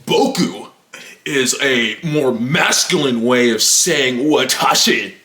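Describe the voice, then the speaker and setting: Smug show-off classmate guy as a dude mocks him, drawn-out know-it-all tone, bright lively voice, echoey room. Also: mid-range voice, pitched below the performer's own voice.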